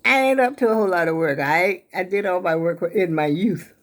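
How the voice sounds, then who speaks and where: A slightly breathless older woman chats to the camera from home, rambling folksily while showing her crochet. She has a lowish voice and talks a little fast.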